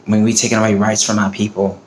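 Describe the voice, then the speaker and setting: A man vlogging on his own video fires off an angry, profane, emotional political rant, speaking fast in a lowish voice with flat delivery. Roomy echo, faint ambience, and slight hiss or hum mark the recording.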